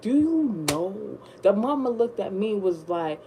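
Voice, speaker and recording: A woman telling a rambling storytime in casual slang, jumping up high when she acts surprised. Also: measured pace, very noisy. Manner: rambling, slangy, animated retelling. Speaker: vlogger.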